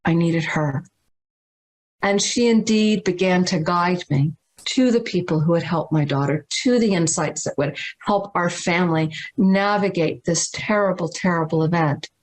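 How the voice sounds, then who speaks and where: A woman guest speaking over a video call, telling a personal story in an emphatic, dramatic way, slowing down and repeating words for stress. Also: medium pitch, slight background noise. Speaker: spiritual teacher and guest.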